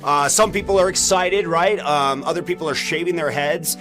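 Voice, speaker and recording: A man's voice: on the high side, normal speed. A man hosting a video commentary show, brash, profane and mocking as he narrates crime clips. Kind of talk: crude comedic commentary over videos. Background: loud music.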